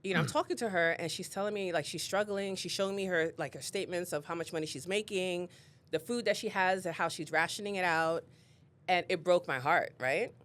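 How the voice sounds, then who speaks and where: A woman who is a guest on an interview show, telling personal stories in an animated way and acting out what people said. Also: on the low side, a little fast. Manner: animated storyteller, acts out quotes. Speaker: guest, real estate leader. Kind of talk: casual interview storytelling.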